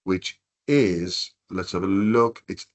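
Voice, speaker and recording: Speaking slowly in a low voice, a Hartlepool man from North East England rambles through anecdotes on his casual podcast. He swears plenty as he goes.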